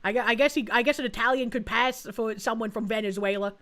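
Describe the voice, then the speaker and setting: A woman's voice: fairly high pitch, fairly even intonation, fast, a bit bright. A woman hosting a live stream, chatting bluntly and crudely while thanking donors. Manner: blunt, crude, reads donations aloud. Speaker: streamer host. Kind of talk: casual chat.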